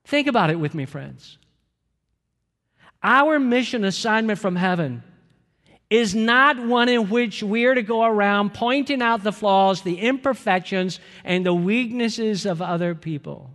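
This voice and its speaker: A man preaching as pastor, animated and conversational, speaking directly to his congregation. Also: sits high, a little slow, long reverb tail. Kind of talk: sermon.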